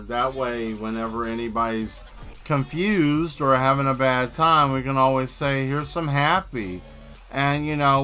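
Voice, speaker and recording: A man's voice: medium pitch, bright, forceful tone. A man chatting casually on a live stream while he draws, rambling and riffing on jokes. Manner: rambling, joking riffs. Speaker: streaming artist.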